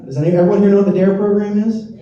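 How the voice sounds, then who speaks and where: A man's voice: high voice, steady tone, racing, dull audio. A young man doing a rambling, self-deprecating stand-up set on a comedy club stage. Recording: roomy, distant club recording. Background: audience laughter.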